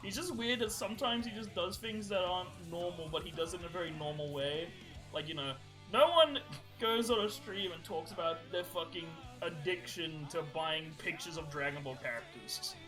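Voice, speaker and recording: A man's voice: high-pitched, normal speed, music in the background, poor audio. A man co-hosting a podcast, telling stories in a casual, rambling way with lots of swearing. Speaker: podcast co-host. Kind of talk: casual chat.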